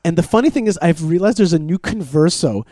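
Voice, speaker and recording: Lively, high-voiced man telling stories. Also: brisk, dry recording, studio quality. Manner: excitable, acts out quoted voices, many restarts. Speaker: podcast co-host. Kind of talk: animated storytelling chat.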